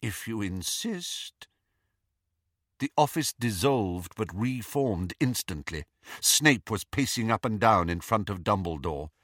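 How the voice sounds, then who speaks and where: A man narrating an audiobook in an even, unhurried storytelling manner. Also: fairly low pitch, no room sound, studio quality. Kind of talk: scripted narration.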